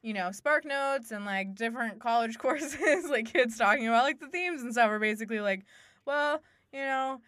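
A woman's voice: a little high, fairly quick, few pauses, no room sound, studio quality. A woman co-hosting a podcast, retelling a story casually and laughing often. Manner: animated, laughs often, uses voices. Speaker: podcast co-host.

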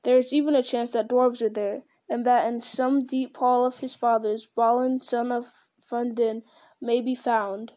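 A woman reading the part of a grave, commanding old male wizard in a firm, measured way. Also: fairly high pitch, fairly even intonation, warm tone, close to an everyday voice.

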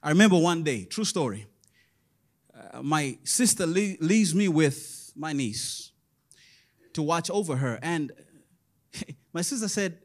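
A male pastor delivering a lively sermon, sing-song and chuckling often, calling out to the congregation. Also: a little high, takes it slowly, long pauses.

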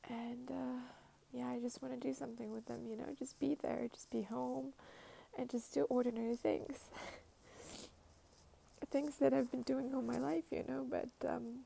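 A young woman from Ukraine, vlogging outdoors at a snowy train station in a halting, reflective way with many fillers. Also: high-pitched, flat delivery, creaky, warm tone, poor audio. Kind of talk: casual personal vlog.

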